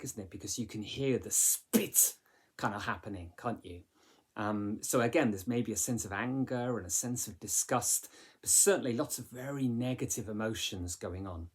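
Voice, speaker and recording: A man's voice: mid-range voice, slightly rough. A man teaching a literature lesson in a chatty way, with many fillers and rhetorical questions. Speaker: English teacher.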